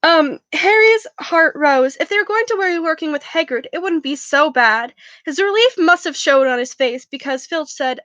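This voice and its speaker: A young woman reads a novel aloud for a book club, breaking off now and then to remark on her own slips. Her voice is high and bright. The room sounds dry and close. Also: animated, moderate pace, no echo. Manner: stumbles over words and comments on her own reading. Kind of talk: reading a novel aloud with casual asides.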